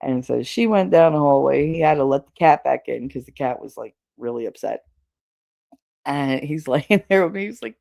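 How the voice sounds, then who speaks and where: A middle-aged woman telling a story on her livestream, animated, laughing often and swearing freely. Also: fairly low pitch, a little fast, vocal fry, dry recording, clean studio sound. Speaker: streamer.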